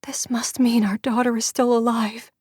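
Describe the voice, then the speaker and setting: A woman reading an anxious, hushed mother. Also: on the high side, slow, creaky, husky, dry recording, clean studio sound, pitched above the performer's own voice, exaggerated voice. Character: frightened mother praying for her daughter. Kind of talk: audiobook character reading.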